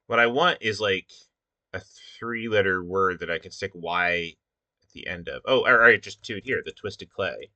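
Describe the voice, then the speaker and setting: A man thinking aloud while he builds a word puzzle, muttering with many pauses and fillers. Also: low-pitched, sharp tone, dry recording, dull audio. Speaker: puzzle maker. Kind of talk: casual think-aloud commentary.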